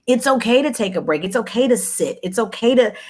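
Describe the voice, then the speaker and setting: Woman in her thirties, guest on a talk show; candid, animated storyteller who repeats herself for emphasis. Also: a little fast, breathy edge. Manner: animated, repeats phrases for emphasis, jumps high when quoting.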